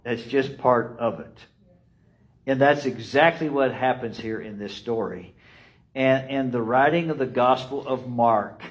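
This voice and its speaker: A man preaching a sermon, emphatic and repetitive, swinging between loud rises and quiet drops. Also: medium pitch, rough recording. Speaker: pastor.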